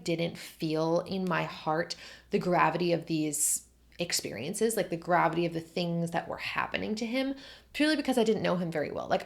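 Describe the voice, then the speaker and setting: A young woman reviewing books in a casual, gushing chat, full of fillers and excited emphasis. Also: fairly low pitch, creaky. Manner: gushing, animated, filler-heavy. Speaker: book vlogger.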